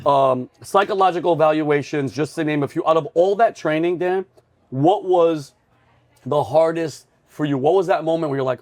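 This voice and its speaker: A man hosting a comedy podcast, telling a story in an animated, excitable way and shouting out other people's lines. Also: on the high side, moderate pace. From New York. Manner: loud, excitable, acts out yelling drill instructors.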